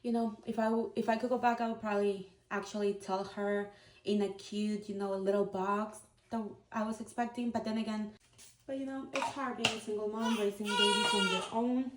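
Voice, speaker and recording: A woman's voice: medium pitch, fairly even intonation, brisk, background noise. A woman in her thirties, a vlogger, telling a personal story in a candid, heartfelt, conversational way. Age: 30s. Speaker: vlogger, single mom. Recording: roomy echo.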